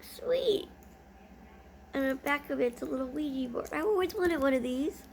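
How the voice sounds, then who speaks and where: Woman vlogger, gushing unboxing chat, high pitch with a gravelly edge. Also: fast talker, slight background noise. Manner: gushing, easily delighted.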